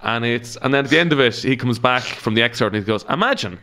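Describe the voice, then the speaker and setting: A man's voice: mid-range voice, steady tone, fast, pushed and bright. A man with an Irish accent, a comedian guest chatting casually on a podcast and telling stories with laughs and swearing. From Ireland.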